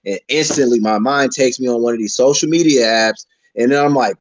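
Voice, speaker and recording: A man's voice: mid-range voice, fairly quick, hardly any pauses, no room sound, lo-fi sound. A man hosting a casual spiritual chat, talking in a laid-back, slangy and encouraging way. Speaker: podcast host.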